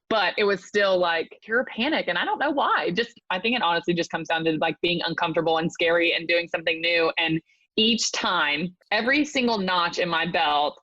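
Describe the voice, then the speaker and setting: A young woman, a mental skills coach, chatting as a podcast guest in an animated, gushing way with lots of "like". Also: fairly low pitch, fairly quick, no room sound. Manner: animated, gushing, heavy use of "like". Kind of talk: casual interview chat. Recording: muffled dry lo-fi audio.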